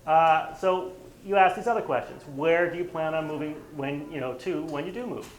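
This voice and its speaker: A man's voice: on the high side, normal speed, a little hiss or hum, poor audio. A man leading a real estate training session, talking casually and often acting out bits of dialogue. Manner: conversational, acts out quoted dialogue. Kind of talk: workshop lecture.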